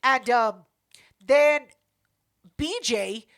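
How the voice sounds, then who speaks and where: A woman co-hosting a casual podcast, telling animated stories with plenty of profanity. Her voice sits high and sounds bright and sharp. She acts out other people's lines as she goes. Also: drawn-out words, smooth. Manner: animated storytelling, acting out quotes, swearing. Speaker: podcast co-host.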